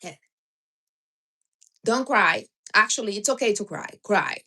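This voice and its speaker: Woman, livestream host, casual chat, blunt and teasing, mid pitch. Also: lively intonation, measured pace, bright, forceful tone. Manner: blunt, teasing advice with non-native grammar.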